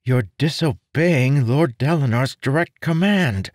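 A man's voice: fairly low pitch, lively intonation, normal speed, darkish tone, no echo, clean studio sound, pitched above the performer's own voice, close to an everyday voice. A man voicing an anxious young man who questions and pleads in a bewildered way. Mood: pleading.

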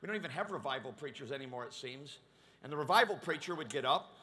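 A male pastor preaching a sermon to a large conference crowd. He repeats words and restarts often, and he swings between shouting and a low, quiet, confiding voice. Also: expressive, fast.

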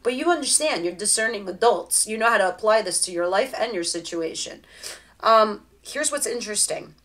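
A woman's voice: medium pitch, lively intonation, moderate pace, fairly bright tone. Chatty woman giving a tarot reading. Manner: chatty, direct, talks straight to the viewer. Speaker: tarot reader. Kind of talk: casual tarot reading to camera.

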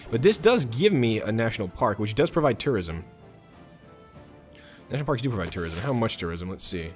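A man's voice: fairly low pitch, animated, fairly quick, soft background music. A man hosting a let's play, chatting casually and muttering orders to his game units. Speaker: gaming channel host.

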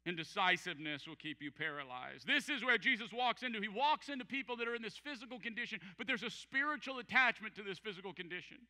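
A pastor delivering an emphatic sermon, repeating key phrases and acting out quoted voices. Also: male voice, high voice, animated, fast talker, hardly any pauses, sharp tone. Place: large church hall. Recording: church hall with long reverb.

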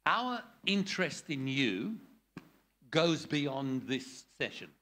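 A man's voice: fairly high pitch, sing-song, takes it slowly, a bit bright. An older man running a preaching workshop, blunt and jokey, acting out different tones of voice as he teaches. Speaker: preaching trainer.

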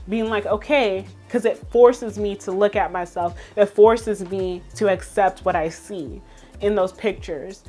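A young woman, talking straight to her viewers in a casual motivational vlog, sassy and emphatic, laughing often. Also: mid-range voice. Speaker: vlogger.

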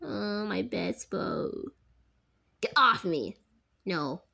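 A woman's voice: medium pitch, very animated, extremely slow, gravelly, pushed and bright, slightly rough. A woman voicing every character in a goofy plush toy skit, switching between silly squealing voices.

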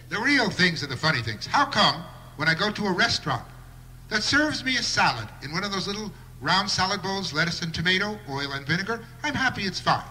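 Male stand-up comedian, live set, wry mock outrage, bright sharp tone, faint club hiss. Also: high-pitched, animated, a little fast.

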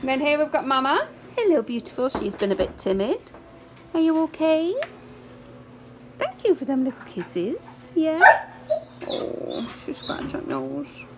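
A woman walks along the kennels, presenting each rescue dog and sliding into soft baby talk with them. Her voice sits high and swoops up and down. The phone recording is noisy, with dogs barking close by. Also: huge pitch swings, measured pace, pauses often. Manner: coos and baby-talks to the dogs. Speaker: dog rescue worker introducing new dogs. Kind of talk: casual walkaround video.

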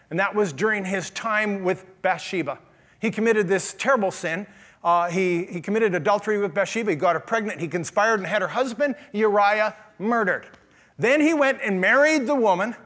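A man's voice: high voice, a bit bright. A man preaching a sermon as pastor, asking the congregation questions in a conversational way. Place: church.

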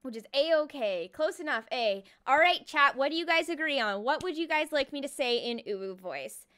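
A woman's voice: sits high, lively intonation, normal speed, fairly bright tone. A woman streamer chatting casually with her live chat while playing a horror game. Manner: chatty, bubbly, talks to chat.

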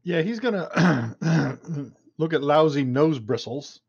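A man playing in a tabletop game, calmly stating what his character does. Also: on the high side, slow pace, vocal fry, breathy edge, highs cut off. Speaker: player. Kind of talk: casual tabletop play.

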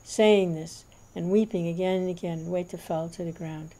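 A woman reading a devotional scripture aloud in a measured, reverent narration. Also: on the low side, fairly even intonation, warm tone. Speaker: reader.

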